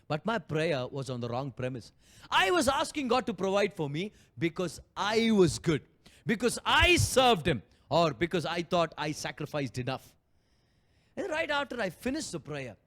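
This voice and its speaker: High-voiced impassioned pastor. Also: male voice. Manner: impassioned storytelling, acting out prayers and quotes. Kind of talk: sermon.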